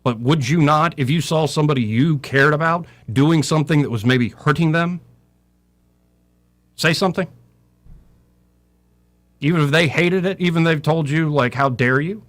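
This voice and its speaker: A middle-aged man with a fairly high voice offers fiery, preacherly talk radio commentary full of scripture quotes. He speaks at a moderate pace but leaves long pauses, his voice rising and falling.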